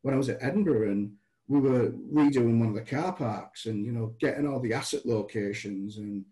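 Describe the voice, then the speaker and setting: On a low-quality recording, a mid-range, normal-paced male voice belongs to a middle-aged Briton. Appearing as a guest, he chats through anecdotes, restarting sometimes and acting out the voices of people he quotes.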